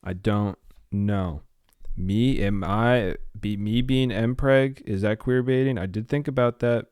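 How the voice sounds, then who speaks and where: A man's voice: mid-range voice, unhurried, a little mellow, clear, resonant tone, no echo, clean studio sound. A man hosting his own podcast, rambling casually with a slight lisp and drifting off topic and back. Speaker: podcast host.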